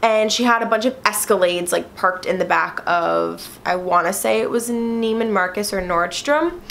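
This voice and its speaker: A young woman chatting casually to her viewers, full of "like" fillers and animated retellings. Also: mid-range voice, normal speed, vocal fry, slight background noise. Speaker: vlogger. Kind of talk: casual storytime chat to camera.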